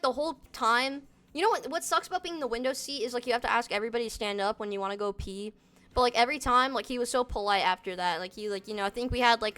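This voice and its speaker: Casting: young woman game streamer with a bright, higher voice. Loose, slangy, rambling chat with faint game music underneath. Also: clear, resonant tone. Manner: rambling and slangy, heavy use of "like" and "dude". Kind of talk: casual live-stream chat while gaming.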